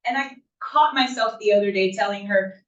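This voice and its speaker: A woman's voice: medium pitch, moderate pace, a bit bright. A woman presenting a talk to a group of parents, speaking conversationally and often checking in with "right?". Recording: roomy, distant, dull lo-fi room sound.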